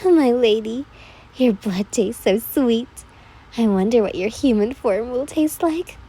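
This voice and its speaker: A woman voicing an obsessive young villain girl with eager, breathless devotion, her voice soft and breathy. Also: a little high, animated, measured pace. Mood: giggly.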